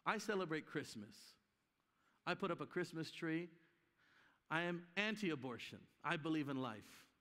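A man's voice: a little high, expressive, a little slow, bright, forceful tone. A man preaching a conference sermon with emphasis, acting out the voices of people in his story. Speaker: guest preacher. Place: church hall. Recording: live hall with long reverb.

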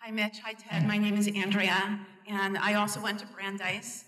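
A woman's voice: medium pitch, flat delivery, moderate pace, fairly bright tone. A woman asking a question from the audience, friendly and chatty. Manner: friendly, chatty, laughs easily. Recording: distant mic in echoey hall.

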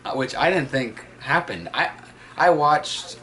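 A speaker in a casual chat, often chiming in with quick agreement. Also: medium pitch, expressive, a bit bright, a little hiss or hum.

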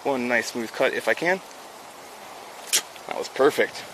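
A man's voice: mid-range voice, animated, unhurried, a bit bright, slight background noise. A man hosting a fishing livestream, chatting casually with viewers while he works. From South Florida. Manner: upbeat, chatty, talks to chat while working. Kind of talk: casual live-stream instruction. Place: outdoors.

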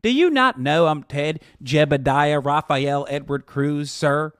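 A man's voice: on the high side, unhurried, fairly bright tone, smooth, dry recording, studio quality. A man doing a sarcastic, profane impression of an indignant male politician dodging questions. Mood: mocking.

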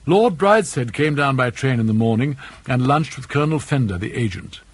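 A man reading a novel aloud as an audiobook narrator, with measured, elegant, theatrical phrasing and a husky voice. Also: medium pitch, animated, rough recording.

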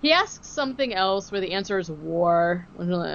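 A woman podcast co-host casually chats through a TV episode recap, animated and acting out the quotes with many fillers like "like" and "um." Her fairly low voice has vocal fry and a moderate pace with hardly any pauses, on a muffled recording.

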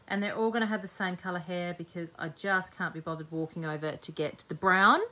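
A woman's voice: on the low side, steady tone, brisk, bright, forceful tone. A woman hosting a live-streamed crafting demo, chatting cheekily with her viewers as she works. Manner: chatty, cheeky, talks while working. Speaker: scrapbooking host.

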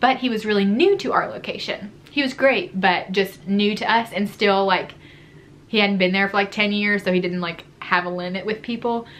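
A woman's voice: medium pitch, normal speed, a bit bright. A young adult woman vlogger telling a story in a casual, chatty way, full of "like". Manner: chatty, fillers like "like" throughout.

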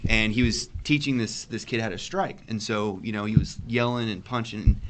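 A man's voice: on the low side, moderate pace, slight background noise. A man on a podcast telling a story in casual chat and giving voices to the people in it. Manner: animated storyteller who voices the people in his stories. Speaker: podcast host.

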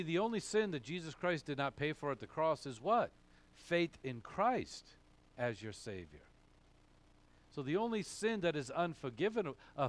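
A male pastor preaching a sermon, emphatic, asking questions and answering them himself. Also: mid-range voice. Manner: emphatic, asks and answers his own questions.

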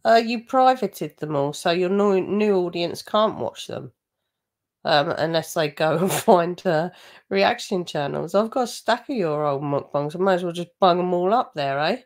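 A woman's voice: fairly low pitch, lively intonation, moderate pace, a little mellow. A woman giving mocking, gossipy commentary over a video she is reacting to. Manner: sarcastic, gossipy asides.

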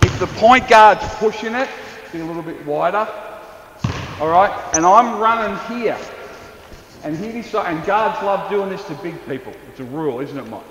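A male basketball coach with an Australian accent, running an on-court clinic with quick, encouraging instructions to players. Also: high voice, lively intonation, fairly bright tone, a little hiss or hum. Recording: echoey gym, dull lo-fi sound. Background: balls bouncing, faint gym ambience.

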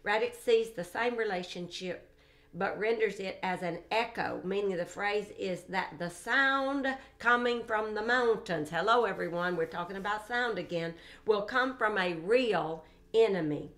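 An emphatic woman teaches scripture verse by verse, in a voice of ordinary pitch. She stresses key words by saying them again and again. She drops quiet exclamations between passages as she explains them. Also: unhurried. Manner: emphatic, repeats phrases for stress, exclaims softly between readings. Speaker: Bible study teacher.

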